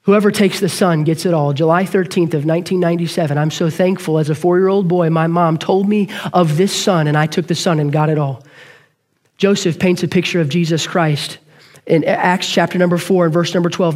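High-voiced preacher telling a story. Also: male voice, steady tone, a little mellow. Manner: earnest storytelling, quick with self-corrections. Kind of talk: sermon.

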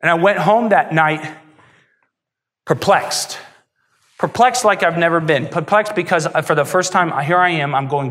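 A man preaching a sermon as pastor, emotional, moving from hushed, tender passages to soaring, impassioned ones. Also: fairly high pitch, moderate pace.

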